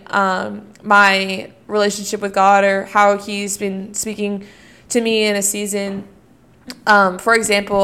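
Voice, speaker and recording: A woman's voice: mid-range voice, fairly bright tone, clear, resonant tone. Earnest young woman sharing faith lessons. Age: young adult. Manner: earnest, reflective, many fillers like "you know" and "like". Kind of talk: casual devotional talk.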